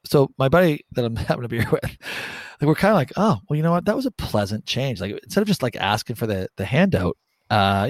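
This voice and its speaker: A man from Bermuda co-hosting a podcast, telling a story in casual chat, animated and joking, with the odd swear for laughs. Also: medium pitch, dry recording. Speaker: podcast co-host.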